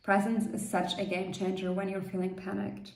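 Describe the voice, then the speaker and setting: A woman coach leading a guided meditation, speaking gently and reassuringly in a loose, unscripted way with frequent fillers. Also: medium pitch, level tone, normal speed, vocal fry. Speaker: manifestation coach. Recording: roomy echo.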